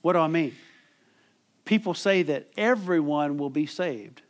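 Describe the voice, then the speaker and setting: A man's voice: a little high, a little slow. A middle-aged man preaching a sermon as pastor, emphatic and calling for amens from the congregation. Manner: emphatic preaching with call-and-response.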